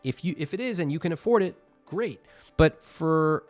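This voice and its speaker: Guy going through budgets out loud, blunt, gets worked up, soft music in the back. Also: fairly high pitch, moderate pace. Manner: blunt, animated, mock-exasperated asides. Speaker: personal finance host. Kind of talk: reviewing viewer budgets on camera.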